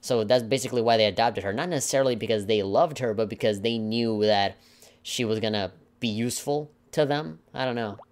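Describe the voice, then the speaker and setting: A man's lowish voice moves fairly quick as he plays a video game and recites its story. He's a let's play commentator, making fun of the text through sarcastic, mock-dramatic remarks and chuckles.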